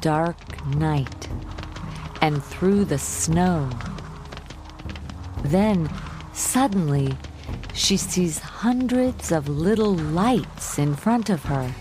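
Slow, low-voiced woman storyteller. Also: animated. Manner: measured, clearly articulated. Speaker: narrator. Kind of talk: slow graded-reader story narration. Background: background music.

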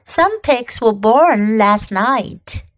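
A calm, practical farm mother with a fairly high voice and an easy lilt, as a woman reading a storybook puts her on. She talks in a matter-of-fact way, and the dry, close recording has no room sound around it. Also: drawn-out words, no room sound.

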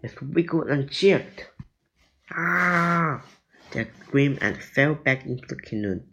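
A man reading a children's adventure book aloud, deliberate with small slips. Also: medium pitch, animated, creaky, fairly bright tone, poor audio. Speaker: reader.

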